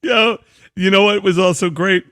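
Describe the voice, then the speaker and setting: A man hosting a casual interview, excitedly jumping in with memories and slang. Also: high-pitched, moderate pace, no echo, clean studio sound. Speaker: host.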